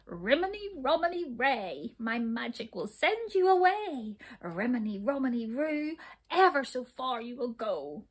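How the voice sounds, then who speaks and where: A woman reading a storybook aloud, voicing a sly, scheming witch who talks slowly and coaxingly in a hushed, breathy voice. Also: medium pitch, lively intonation. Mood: chanting. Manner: slow, coaxing and conspiratorial.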